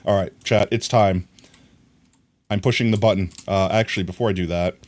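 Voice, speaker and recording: Low-pitched and darkish in tone, this streamer keeps a steady delivery at a moderate pace while building in a block game. He chats casually with his audience, welcomes viewers, answers chat, and hums "bam bam" as he goes.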